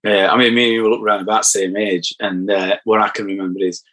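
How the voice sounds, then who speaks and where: A man's voice: lowish voice, little pitch movement, fast talker, fairly bright tone, rough recording. A middle-aged man with a northern English accent, chatting on a podcast and telling anecdotes with chuckles. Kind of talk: casual podcast chat.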